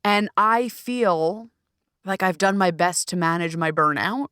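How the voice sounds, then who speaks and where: A woman whose voice sits on the low side speaks a little slowly with a clean tone, giving a solo podcast monologue. She hosts the podcast and coaches, and she's candid, expressive and emphatic, swearing a lot. It was recorded in a small closet, yet has no echo and studio quality.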